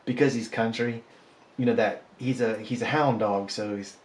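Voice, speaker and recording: A man's voice: medium pitch, steady tone, measured pace. A man, a polymer clay artist chatting casually and joking about himself while he sculpts. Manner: rambling, joking, self-deprecating. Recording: echoey room, faint ambience.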